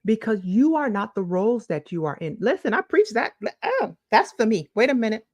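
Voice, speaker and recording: A woman's voice: fairly high pitch, big pitch swings, moderate pace, no echo. A woman chatting to camera in a casual, preachy way, affectionately calling viewers "boo-boo" and drawing out words for emphasis. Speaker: lifestyle vlogger. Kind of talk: casual motivational chat to camera.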